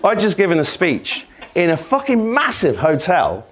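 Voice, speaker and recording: An English man in his fifties tells rambling, profane stories. His pitch leaps around, and it sits a little higher than most men's. He jokes his way through the talk and laughs along as he goes. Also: wildly swooping pitch, moderate pace, fairly bright tone, breathy edge. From England. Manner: sweary, rambling, jokey, laughing. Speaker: speaker. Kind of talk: casual storytelling talk.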